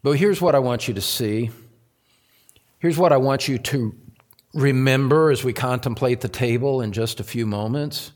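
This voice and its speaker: A man preaching a sermon to his congregation, repeating phrases for emphasis and rising to loud, emphatic peaks. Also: mid-range voice, normal speed. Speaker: pastor.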